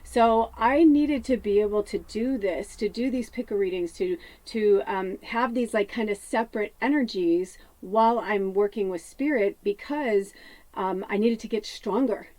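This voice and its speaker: A woman's voice: mid-range voice, normal speed, darkish tone, no echo. A woman psychic medium in a rambling spiritual monologue, often laughing and swearing casually as she talks.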